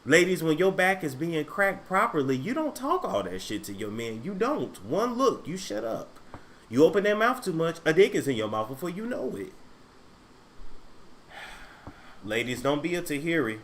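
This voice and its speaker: A male gossip host with a lively voice that swings up and down. He is blunt and crude and talks straight to the camera. His voice sits a bit high for a man. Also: normal speed, a little hiss or hum. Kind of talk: casual gossip commentary.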